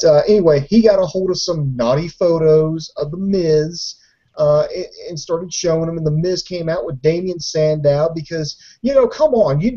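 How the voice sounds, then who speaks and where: A man with a somewhat raised but mellow voice talks through a casual review with dry sarcasm. The audio is dull and lo-fi. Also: fairly high pitch. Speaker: co-host.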